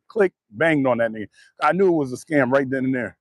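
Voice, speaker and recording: A man telling a story in a profane, animated casual rant. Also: medium pitch, quick pace, no room sound. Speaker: vlogger.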